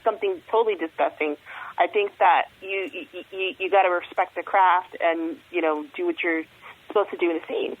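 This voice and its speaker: A woman's voice: fairly low pitch, fairly even intonation, normal speed. A woman in her forties, a guest co-host calling in, chatting bluntly and sardonically with frequent laughs. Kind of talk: casual chat. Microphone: phone call. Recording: tinny phone line.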